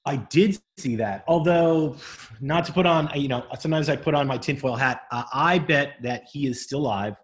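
A young man co-hosting a comedy podcast, speaking hesitantly with many fillers in a deadpan way. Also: mid-range voice, moderate pace, slightly rough. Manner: hesitant, full of uhs, deadpan. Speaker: podcast co-host.

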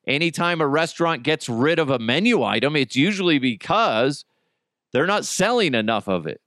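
A man's voice: fairly high pitch, normal speed, no echo, studio quality. A man hosting a podcast, riffing on odd news stories in a profane, joking, ranting way. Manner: profane, joking, animated rants. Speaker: podcast host. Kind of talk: casual comedic news commentary.

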